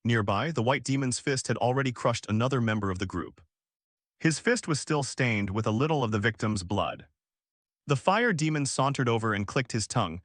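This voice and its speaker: A male narrator who reads a story recap with dramatic flair. His pitch swings a lot, and the dry, close sound has no room echo. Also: expressive, moderate pace, a bit bright.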